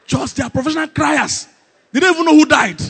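Lively preacher. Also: male voice, extremely high pitch, quick pace, vocal fry, in a large hall. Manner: animated, call-and-response with congregation, acts out Bible scenes. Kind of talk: sermon.

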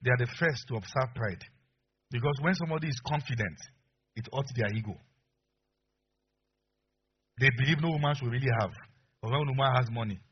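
A man preaching a sermon as pastor, telling stories with animated delivery and frequent laughter, on a dull lo-fi recording. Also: medium pitch, husky. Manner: animated storyteller, acts out voices, laughs often.

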